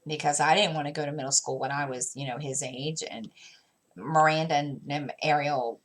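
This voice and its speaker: With a low pitch, steady tone and moderate pace, a crafting vlogger in her thirties tells a casual story at home as a mother. She rambles, uses fillers, restarts often, and reenacts what she and her son said.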